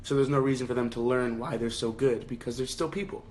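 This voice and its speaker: A man's voice: medium pitch, fairly even intonation, fast, a little mellow, a little hiss or hum. A young man talks through a novel on a casual livestream, the way a book club host does. He thinks aloud, backing up and restarting his sentences. Now and then he lifts his voice to act out a quoted line. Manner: reads quoted lines in a raised acted voice. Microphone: phone.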